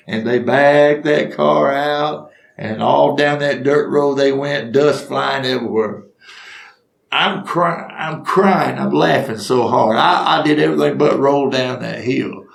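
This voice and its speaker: This storyteller, an older man with a fairly high, creaky voice, speaks slowly in a reverberant space. His humorous personal stories come out folksy, complete with acted-out voices and his own laughter.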